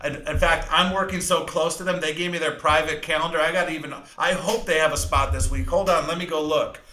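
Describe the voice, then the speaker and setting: Fast-talking, bright-voiced male sales trainer. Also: on the high side, reverberant, slight background noise, poor audio. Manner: fast-talking, energetic, emphatic. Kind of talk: live training talk.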